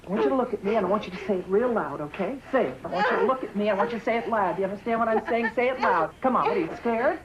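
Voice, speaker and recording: An actress playing a firm, relentless therapist who pushes insistently and then softens to hushed reassurance. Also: female voice, mid-range voice, animated, very fast, hardly any pauses, dull audio, very noisy, lightly acted. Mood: coaxing, insistent. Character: firm, relentless female therapist, middle-aged. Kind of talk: film drama acting.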